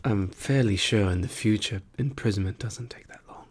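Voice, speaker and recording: A man voicing a male trickster god turned weary file clerk, in soft, wry whispered role-play. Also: on the low side, normal speed, slightly rough. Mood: musing whisper. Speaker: ASMR performer.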